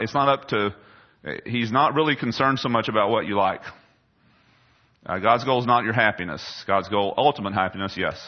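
Low-voiced man preaching conversationally. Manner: conversational preaching with questions to the congregation. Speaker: pastor. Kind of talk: sermon. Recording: dull lo-fi sound.

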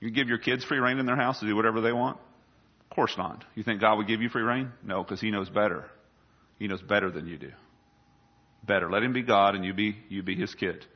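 A man preaching a sermon as a pastor, swelling loud and high when quoting scripture and dropping low and quiet for asides. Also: fairly even intonation, fairly quick, lo-fi sound.

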